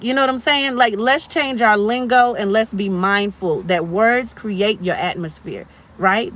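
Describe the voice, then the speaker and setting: A woman's voice: medium pitch, slight background noise. A woman in her thirties hosting a motivational live stream, preachy and encouraging, repeating phrases for emphasis.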